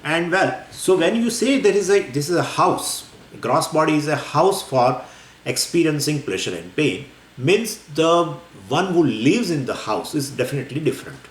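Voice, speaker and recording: A man giving a scripture lecture as a spiritual teacher, explaining in a lively, wandering way with many fillers and small laughs. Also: fairly high pitch, moderate pace. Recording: echoey room with faint ambience.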